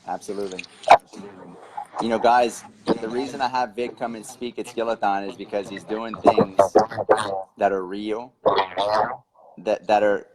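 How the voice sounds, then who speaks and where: A man's voice: on the low side, steady tone, a little slow, long pauses, heavy background noise. A man hosting a conversation, emphatically urging listeners to come to his event. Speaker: host, event organizer. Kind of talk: promotional conversation.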